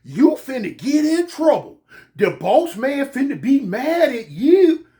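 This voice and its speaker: A man voicing a nervous young male inmate, slower and higher than his own voice. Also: sing-song, dark tone, exaggerated voice. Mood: worried.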